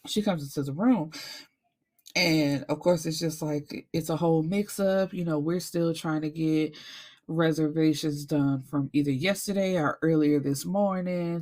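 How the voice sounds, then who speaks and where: Woman gushing and ranting about a book plot, aave, slightly low voice, swears a lot. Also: moderate pace. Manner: animated storytelling, acts out characters, swears freely. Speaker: book reviewer. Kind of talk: casual book recap.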